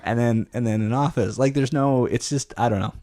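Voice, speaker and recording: A man's voice: mid-range voice, brisk, warm tone. A man co-hosting a podcast, chatting casually and jokingly about toy sets. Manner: jokey, with playful quoted voices. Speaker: podcast co-host. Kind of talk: casual chat.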